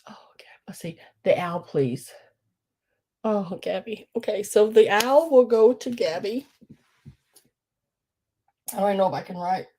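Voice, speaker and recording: A woman hosting a live online sale, tearful and crying as she talks, emotional and grateful, halting between her words. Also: mid-range voice, animated, dark tone, breathy edge. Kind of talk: live-streamed auction chat.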